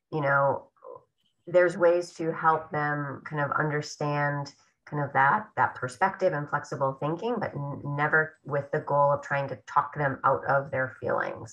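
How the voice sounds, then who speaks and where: A woman clinician giving a teaching talk, explaining her approach in an affirming, measured way over a video call. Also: low-pitched, bright, forceful tone. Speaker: presenting clinician. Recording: dull lo-fi video-call audio.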